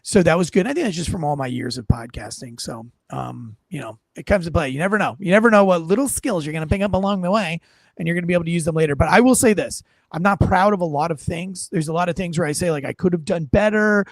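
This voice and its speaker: A man hosting a podcast in casual chat, rambling and animated, often poking fun at himself, on a close studio mic. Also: fairly high pitch, quick pace, dry recording. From North Carolina. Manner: rambling, animated, self-deprecating. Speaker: podcast host.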